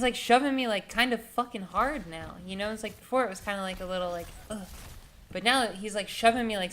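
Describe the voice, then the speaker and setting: A woman's voice: medium pitch, fairly bright tone, a little hiss or hum. Young woman rambling through a story. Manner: rambling, profane, heavy filler words. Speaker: vlogger. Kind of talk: casual storytelling.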